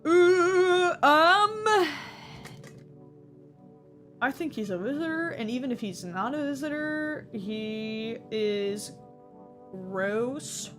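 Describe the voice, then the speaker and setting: A woman giving sarcastic, excitable gaming commentary as she plays, swearing casually. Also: high voice, slow, pauses often, faint music behind. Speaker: gaming streamer.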